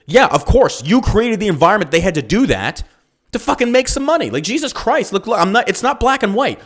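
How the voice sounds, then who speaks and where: A man's voice: sits high, a bit bright. Profane, heated man ranting on a podcast. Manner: profane, heated, rhetorical questions. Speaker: podcast host and business owner. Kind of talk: ranting political commentary. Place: lives in Texas.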